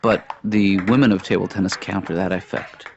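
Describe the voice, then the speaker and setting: A gravelly, weary therapist dad. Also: male voice, sits low, steady tone, normal speed, a little mellow. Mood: nervous. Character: mild, weary middle-aged male therapist. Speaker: therapist and father. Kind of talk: deadpan cartoon dialogue. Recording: dull lo-fi audio with noise hiss.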